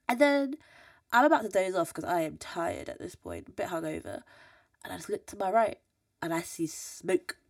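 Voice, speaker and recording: Animated young woman telling stories. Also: mid-range voice, no room sound. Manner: animated, mimics people in quotes, laughs often, swears. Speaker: podcast host. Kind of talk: casual storytelling chat. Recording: dry, slightly distant mic.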